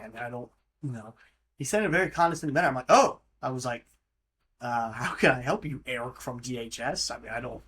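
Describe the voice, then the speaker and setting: A young man from Florida talks alone on his podcast, his voice sitting a bit high for a man. He rambles, jokes and drifts off topic, filling the gaps with ums and restarts. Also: a bit bright, breathy edge. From Florida, USA. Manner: casual, rambling, joking, with frequent fillers and off-topic tangents. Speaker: podcast host. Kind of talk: rambling solo podcast monologue.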